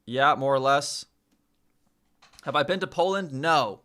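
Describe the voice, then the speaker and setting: Man, streamer, casual chat, slow, bright tone, repetitive drilling, self-mocking. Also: medium pitch. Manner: slow, repeats sounds over and over while practising; reads chat aloud, chatty and self-mocking. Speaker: streamer learning a language.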